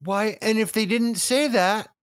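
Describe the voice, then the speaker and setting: A man's voice: sits high, measured pace, clear, resonant tone, no echo. A man hosting a podcast, recapping a film in casual chat and acting out the characters' lines in a sarcastic, profane way. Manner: animated, acts out characters' lines while recapping. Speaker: podcast host.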